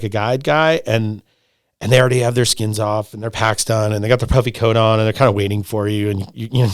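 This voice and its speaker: Middle-aged man, podcast guest, excitable rambler, mid pitch, dry close mic. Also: no room sound. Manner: animated, rambling, swearing, repeating himself. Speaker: lodge owner, podcast guest. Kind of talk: casual podcast conversation.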